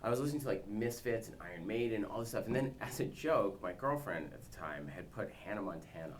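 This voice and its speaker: Man, 30s, junket interviewee, animated anecdote teller, lowish voice, light background noise. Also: fast. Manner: animated storytelling, imitates others for laughs. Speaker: actor and director at a press junket.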